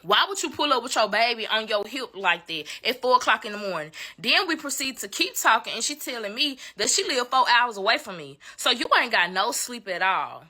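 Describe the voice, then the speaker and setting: A young woman telling a story to her viewers in a casual, animated way, swearing freely and talking straight to the audience. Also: on the high side, a little fast, few pauses, no echo. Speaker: storytime vlogger.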